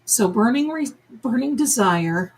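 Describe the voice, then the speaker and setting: Woman tarot host, unhurried and musing, addresses viewers and pets as she goes. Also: a little high, lively intonation, low-quality recording. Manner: slow, musing, talks to viewers and her cats. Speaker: psychic medium livestream host. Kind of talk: live tarot reading chat.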